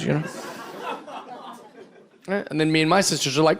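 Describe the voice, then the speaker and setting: A man performing stand-up comedy on stage before a live audience, animated and profane, acting out the voices of the people in his stories. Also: high voice, brisk, gravelly, pauses often. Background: audience laughter.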